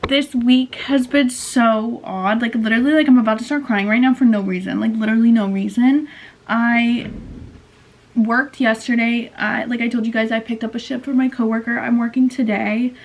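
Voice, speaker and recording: A woman in her twenties vlogging casually to camera, rambling and chatty with lots of fillers, sounding low on energy. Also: fairly even intonation, moderate pace, a little hiss or hum. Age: 20s. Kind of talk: casual vlog chat to camera.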